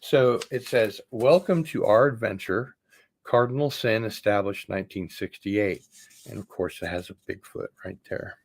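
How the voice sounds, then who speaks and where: A man chatting casually as he unboxes packages on his channel, relaxed and rambling, with offhand asides. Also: fairly low pitch, normal speed. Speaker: vlogger doing unboxings.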